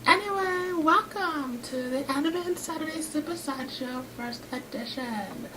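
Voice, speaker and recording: A woman's voice: high voice, expressive, moderate pace, pitched above the performer's own voice. A woman voicing a bubbly, self-centered female flower creature who hosts a show, gushing and boastful, in a noisy home recording. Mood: perky. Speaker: show host.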